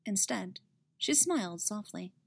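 A woman reading a story aloud in a quiet, measured way. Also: medium pitch, lively intonation, creaky, breathy edge. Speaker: narrator. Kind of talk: audiobook reading.

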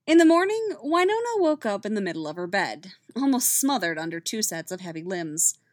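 A woman reading fan fiction aloud as a podfic, with soft, steady storytelling. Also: lowish voice, a little fast, no echo, clean studio sound. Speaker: podfic reader.

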